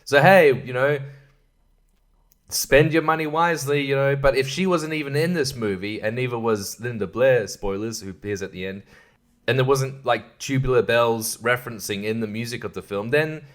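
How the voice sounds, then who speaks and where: A young man with a medium-pitched voice rambles through a casual film review at a normal speed, sarcastic throughout. He's a podcast host who laughs often and slips into mocking voices to poke fun at what he's describing.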